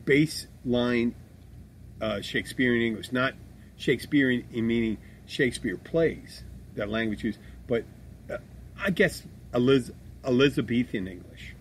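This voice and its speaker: A man's voice: mid-range voice, measured pace, a little hiss or hum. A man from Philadelphia co-hosting a podcast, talking casually and bluntly, with swearing and rambling restarts. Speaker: podcast co-host. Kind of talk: casual chat.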